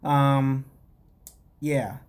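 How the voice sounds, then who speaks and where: A man's voice: medium pitch, little pitch movement, extremely slow. A man casually recapping a reality show as a podcast host, rambling with lots of fillers and wry, dismissive asides. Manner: rambling, loose, full of "you know" and "like".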